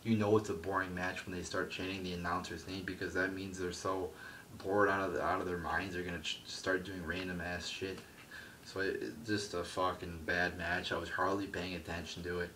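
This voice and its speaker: A man's voice: sits low, little pitch movement, moderate pace, pushed and bright, far from the mic, slight background noise. A man reviewing a wrestling show in a blunt, profane and dismissive rant, often trailing off and restarting.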